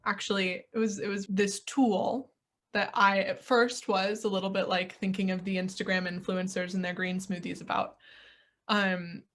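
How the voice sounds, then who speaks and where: A young woman coach talks through her ideas in an earnest, searching way, pausing to find the words. Her voice sits at an ordinary middle pitch, and now and then she slips into playful little inner voices. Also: flat delivery, a bit bright. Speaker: acting coach, interview guest. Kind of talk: reflective interview answers.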